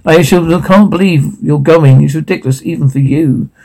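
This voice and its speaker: A cold, haughty queen who speaks with scorn, as read by a man from a script. The voice is a little high for a man but sounds mellow and full of fry. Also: normal speed. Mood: scornful.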